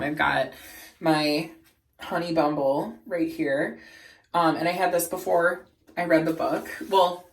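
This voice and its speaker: Earnest man chatting, slightly distant mic. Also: fairly high pitch. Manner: earnest and emotional, laughs softly. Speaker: beauty and lifestyle vlogger. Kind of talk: casual chat.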